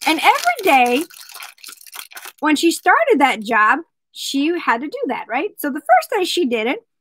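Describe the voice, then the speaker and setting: Chatty jewelry seller, lively high voice, unhurried, addresses viewers by name, playful. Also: female voice, poor audio. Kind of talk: casual product vlog with joke telling.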